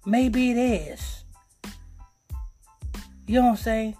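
A woman's voice: fairly high pitch, fairly even intonation, takes it slowly, pauses often, mellow, soft background music. A woman hosting a podcast, ranting in a profane, rambling, preachy way. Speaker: podcast host. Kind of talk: casual podcast rant.

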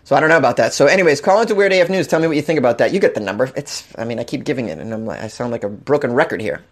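A man's voice: mid-range voice, expressive, rapid-fire. A young man hosting a casual comedy news podcast from his apartment, rambling and laughing at his own jokes. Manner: rambling, self-amused, laughs often. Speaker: podcast host. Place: hot apartment.

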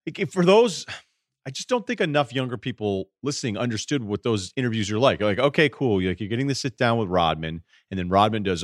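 A man co-hosting a sports podcast, telling game stories casually and dropping his voice low to mimic the people he quotes. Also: sing-song, fast talker, no echo, studio quality. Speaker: podcast co-host.

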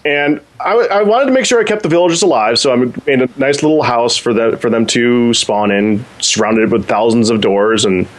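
A man on a podcast telling a rambling, excited story about a game, with many restarts. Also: mid-range voice, fairly quick, few pauses. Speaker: podcast co-host. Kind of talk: casual storytelling.

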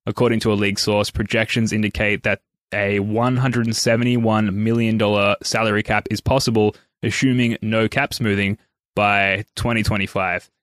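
A man hosts a podcast in easy chat, steering the talk and reading posts aloud. His voice sits a little low, and the sound is dry and close to the mic. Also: level tone, normal speed, fairly bright tone, no room sound. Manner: leads the talk, reads out news posts. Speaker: podcast host. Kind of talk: casual chat.

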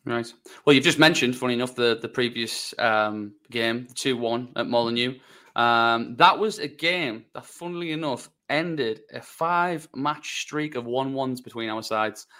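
A man hosting a casual podcast, chatting and teasing his guest in a relaxed way. His voice sits at an ordinary middle pitch. He calls himself pessimistic about his own team. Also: measured pace. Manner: teasing, self-described pessimistic. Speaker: podcast host.

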